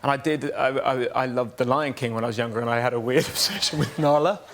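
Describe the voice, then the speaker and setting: A man's voice: mid-range voice, quick pace, fairly bright tone. A man on a chat show, sheepish and hesitant, laughing through his answer. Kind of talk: sheepish anecdote. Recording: studio with audience noise.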